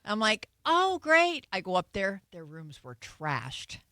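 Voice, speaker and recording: A woman's voice: lowish voice, unhurried, dry recording. A middle-aged American woman co-hosting a radio show, telling stories in casual chat and acting out the quotes. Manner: animated storyteller, acts out quotes. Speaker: radio co-host.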